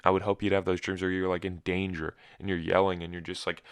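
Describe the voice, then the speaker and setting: A man's voice: low voice, flat delivery, quick pace, few pauses, clear, resonant tone, no room sound. A young man hosting a solo podcast, groggy and just woken up with a cracking voice, telling a rambling story with wry asides. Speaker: podcast host.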